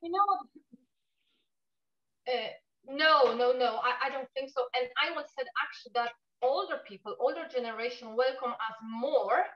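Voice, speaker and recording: A woman from Poland with a Polish accent, a native Polish speaker, talking quickly and animatedly in casual conversation as a guest. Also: high voice, reverberant, lo-fi sound. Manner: fast-talking, animated, non-native grammar.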